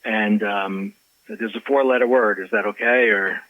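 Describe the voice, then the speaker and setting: A man guest on a podcast, telling a personal story in an animated way, full of restarts. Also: fairly low pitch, normal speed, dry recording, narrow, tinny audio. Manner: animated, many restarts and fillers. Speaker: author guest.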